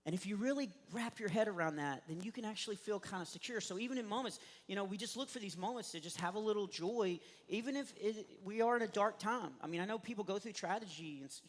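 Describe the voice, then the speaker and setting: A man from Texas with a Texan accent, doing stand-up comedy, telling stories in an animated way and laughing at his own jokes. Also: fairly high pitch. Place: church stage. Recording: long hall reverb.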